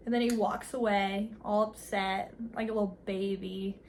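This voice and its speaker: A woman's voice: medium pitch, fairly even intonation, moderate pace, few pauses, a little mellow, a little hiss or hum. A young woman casually recapping a movie with sarcastic, giggly commentary, playfully mimicking the characters' lines.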